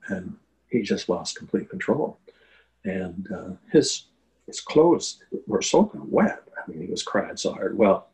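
A man's voice: sits low, a little mellow, rough recording. An older man telling an emotional story in a casual interview, earnest and full of fillers. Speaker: guest telling a war veteran story.

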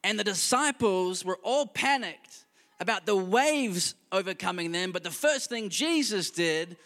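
Male pastor, sermon, high voice, bright tone, conversational with humorous asides, reverberant church hall. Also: animated, measured pace. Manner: conversational preaching with asides and laughter.

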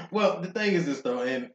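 A man's voice: fairly high pitch, lively intonation, unhurried, a bit bright, a little hiss or hum. A young man in laid-back casual chat, laughing often and chiming in with short agreeing replies. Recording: roomy, slightly dull lo-fi sound.

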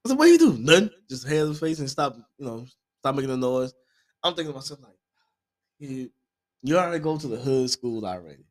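A man's voice: mid-range voice, fairly quick, long pauses. A father in casual chat, animatedly telling stories and acting out the quotes. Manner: animated storyteller, acts out quotes.

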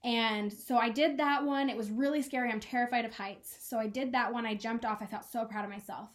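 A young woman in her twenties, co-hosting a podcast, tells a personal story in casual conversation. Her voice sits fairly high with fairly even intonation, and she comes across as earnest and emotional, breaking into quick laughs.

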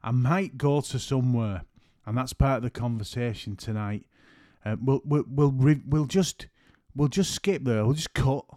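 A man's voice: medium pitch, normal speed, warm tone, no room sound, clean studio sound. A middle-aged man hosting a casual solo podcast from home, rambling and joking as he keeps breaking off mid-sentence. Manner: rambling, jokey, keeps interrupting himself. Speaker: podcast host and photographer. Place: at home after work.

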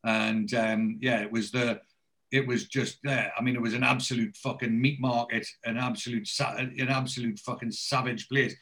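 A man of middling pitch chats casually as a podcast co-host. He recaps a television episode in a loose, rambling way. He swears freely and restarts his sentences often. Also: flat delivery, normal speed, fairly bright tone. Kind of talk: casual chat recapping a TV show.

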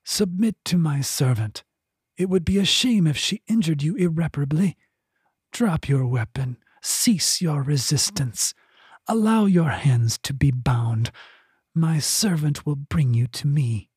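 Man doing an unseen presence from a storybook, slow, smooth, half-whispered, commanding and husky, dry sound. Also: on the high side, expressive, darkish tone, dry recording, heavily acted. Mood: menacing. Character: eerie unseen presence speaking through a servant.

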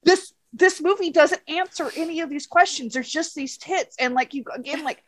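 A woman's voice: high-pitched, moderate pace. A woman hosting a podcast, ranting about a bad film in casual, profane, rambling chat. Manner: profane, rambling, exasperated storytelling. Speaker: podcast host reviewing a film.

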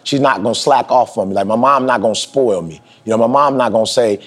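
A man in his forties, a podcast host, giving a motivational talk in emphatic, slangy street speech that leaps high in pitch when he presses a point. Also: fast. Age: 40s.

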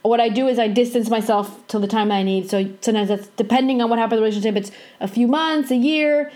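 Higher-voiced bubbly woman podcaster. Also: a little mellow. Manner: laughs often, bubbly, quick pitch jumps. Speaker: podcast co-host. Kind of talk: casual chat.

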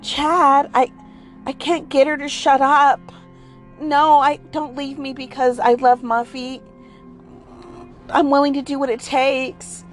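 A woman doing a flustered young dog owner, her voice pitched up and pleading, with a rushed, nervous edge. She stays a little higher than her own talk. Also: flat delivery, soft background music.

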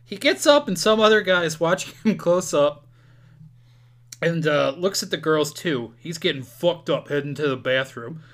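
Co-host for a comedy movie recap, lively swinging pitch, jokey narration. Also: normal speed. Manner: jokey, narrates scenes and acts out the lines. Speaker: podcast co-host.

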